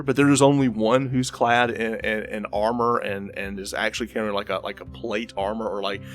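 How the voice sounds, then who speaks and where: Guy game-mastering a tabletop game, rambly, uh uh, faint music behind. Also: medium pitch. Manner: rambling, many fillers and restarts.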